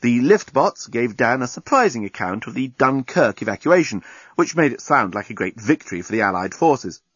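Wry, expressive male audiobook narrator. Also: mid-range voice, normal speed, breathy edge, no room sound, muffled recording.

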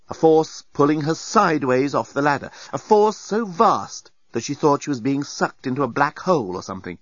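Expressive male storybook narrator. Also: mid-range voice, no room sound. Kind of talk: storybook reading. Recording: dull lo-fi dry recording.

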